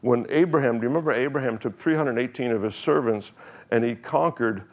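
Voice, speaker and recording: A man preaching a conversational sermon to a congregation, reading scripture slowly and asking the people questions. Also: medium pitch. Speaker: pastor.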